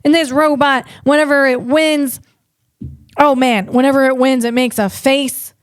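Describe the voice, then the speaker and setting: A woman comedian hosting a tech podcast, talking in an animated way and tripping over her words. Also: high voice, unhurried, clean tone, no echo, studio quality. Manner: animated, stumbling over words, acts out voices.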